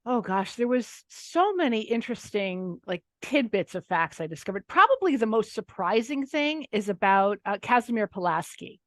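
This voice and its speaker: A middle-aged woman from Pennsylvania, a nonfiction author, telling anecdotes in a lively, wry way. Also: mid-range voice, moderate pace, few pauses, no room sound. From Pennsylvania, USA. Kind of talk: casual interview storytelling.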